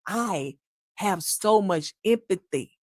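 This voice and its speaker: This podcast host is a woman with a mid-range, darkish voice who sounds animated yet takes her time. Addressing listeners as "y'all," she delivers an earnest, laid-back monologue and performs short quotes. The sound is clean studio audio without echo.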